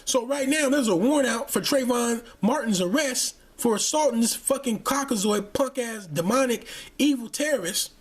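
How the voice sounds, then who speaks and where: A man's voice: very high voice, expressive, moderate pace, breathy edge. A man giving a heated, profane ranting commentary, often stumbling over repeated restarts. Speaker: channel host.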